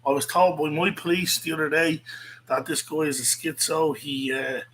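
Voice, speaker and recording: A man's voice: fairly high pitch, steady tone, moderate pace, a bit bright, a little hiss or hum, low-quality recording. An Irish man hosting, ranting angrily and swearing a lot, often repeating himself. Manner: angry, profane, repetitive. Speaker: host. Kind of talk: heated online rant.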